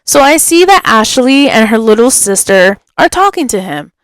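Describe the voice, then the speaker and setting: A young woman with a fairly high, smooth and resonant voice, recounting a story on a podcast. She talks in an animated, chatty way and laughs often. The recording is close and dry. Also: normal speed, dry recording. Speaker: podcast host. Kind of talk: casual storytelling.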